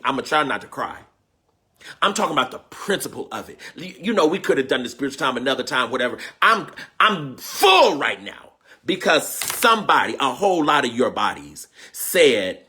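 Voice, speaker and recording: A man preaching with the fervor of call-and-response, his bright voice swooping high and dropping low as he repeats phrases. He speaks, calling out to viewers by name and crying out with feeling. The pitch sits a little high for a man. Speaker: preacher and teacher hosting a livestream. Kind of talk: call-and-response livestream sermon.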